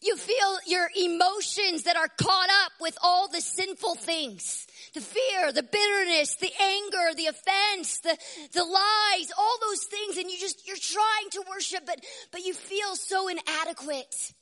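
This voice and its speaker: A woman preaching a devotional sermon with a strained voice, dropping to hushed whispers and then rising to loud, fervent exclamations. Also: very high-pitched, measured pace.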